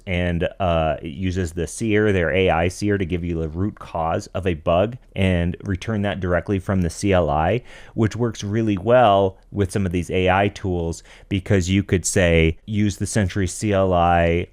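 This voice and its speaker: A man's voice: low voice, steady tone, unhurried, a little mellow. A man co-hosting a tech podcast, explaining things in casual chat. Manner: explanatory, reads listener questions aloud. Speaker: podcast co-host.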